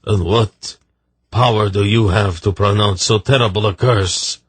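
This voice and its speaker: Audiobook: shaking, frightened man, narrator-voiced, husky, dry. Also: lowish voice, fairly even intonation, unhurried, a bit bright, dry recording, pitched above the performer's own voice. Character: frightened tattooed man, cursed.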